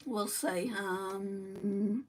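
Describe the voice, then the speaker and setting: A woman's voice: mid-range voice, fairly even intonation, very slow, darkish tone. A young woman hosting a makeup livestream at home, chatting casually and answering viewer comments one by one. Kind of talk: casual live chat while doing makeup. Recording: voice a bit distant from the mic.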